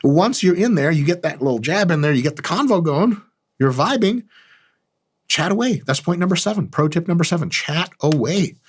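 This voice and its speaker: Husky, boastful man with a lively voice. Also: moderate pace. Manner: mock-arrogant, profane and boastful; lively, animated delivery with big pitch jumps. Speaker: channel host. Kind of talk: comedic advice monologue.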